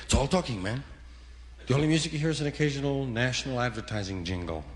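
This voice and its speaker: A man's voice: medium pitch, fast. Rambling man in a reverberant hall. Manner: rambling, musing and conversational. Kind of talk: reflective radio talk.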